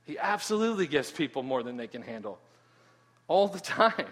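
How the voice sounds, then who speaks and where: A man preaching a sermon in an animated way, often asking "right?" and repeating words as he goes. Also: on the high side, moderate pace. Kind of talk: expository sermon. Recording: long hall reverb.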